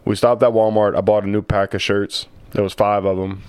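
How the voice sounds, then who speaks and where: A man, casually telling animated stories as a podcast co-host and acting out his relatives. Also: on the low side, a little fast, clear, resonant tone, no room sound. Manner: animated storyteller who acts out family members' voices. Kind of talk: casual storytelling chat.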